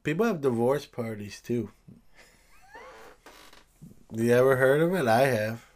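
A man's voice: mid-range voice, expressive, a little slow, darkish tone. A man joking casually in an offhand way as a podcast co-host. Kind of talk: casual chat.

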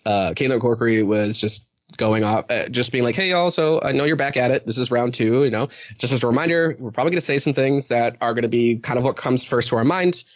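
A man's voice: mid-range voice, fast, muffled recording. A man hosting a casual podcast chat, rambling with many fillers and acting out quoted dialogue. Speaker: podcast host.

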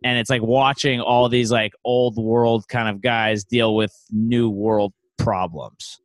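A man's voice: mid-range voice, fairly even intonation, takes it slowly, no room sound. Joking man chatting over a video call. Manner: joking, does goofy mobster voices.

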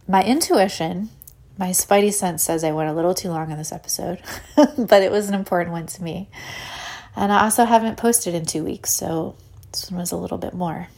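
A woman's voice: fairly low pitch, moderate pace, vocal fry, long pauses. A woman hosting her own podcast, telling a story in a rambling, casual way, full of "like" and acted-out quotes. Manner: rambling, many "like" fillers; animated retelling with acted-out quotes. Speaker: podcast host.

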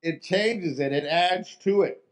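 Unhurried and high-voiced, a pastor delivers an earnest sermon, frequently starting phrases over and asking the congregation rhetorical questions.

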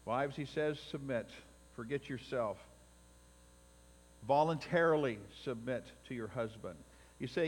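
A man preaching a sermon as pastor, building to emphatic peaks and dropping to quiet, deliberate phrases. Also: medium pitch. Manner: emphatic preaching with swells and drops in loudness. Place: church sanctuary. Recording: long reverb in a hall.

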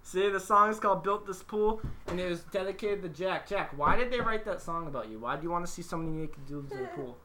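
A woman's voice: lowish voice, expressive, fast talker, hardly any pauses, pushed and bright, a little hiss or hum. Giggly young woman hosting a podcast. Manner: giggly, storytelling with quoted voices. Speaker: podcast host. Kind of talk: casual podcast banter.

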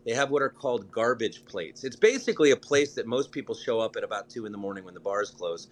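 A man's voice: on the low side, expressive, fast. A man who works in news, speaking as a guest in a casual interview, talking in a chatty, rambling and enthusiastic way.

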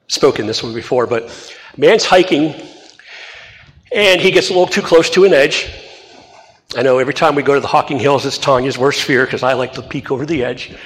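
A man's voice: medium pitch, a bit bright, long reverb tail, low-quality recording. A man from the Midwest, a pastor, reads scripture and then tells stories in an earnest sermon with light humor.

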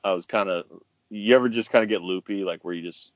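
A man's voice: deep voice, fast talker, no echo. A man co-hosting a podcast, rambling and self-mocking in casual chat. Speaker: podcast co-host. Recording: dull lo-fi dry recording.

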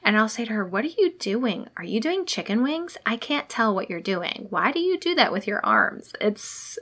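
Bright chatty young mom. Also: female voice, fairly high pitch, moderate pace. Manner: animated, lots of filler like. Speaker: parent of a toddler. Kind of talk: casual chat.

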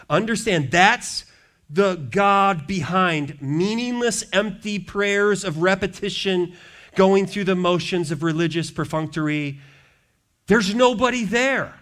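A man preaching a sermon, reading scripture aloud and breaking off into joking asides, swinging from hushed to loud. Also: high voice. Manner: reads scripture then riffs with humor and asides. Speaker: pastor.

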